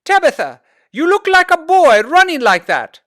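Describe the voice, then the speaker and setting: A man voicing a frustrated, scolding mother in a storybook reading, loud and high. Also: sing-song, normal speed, exaggerated voice.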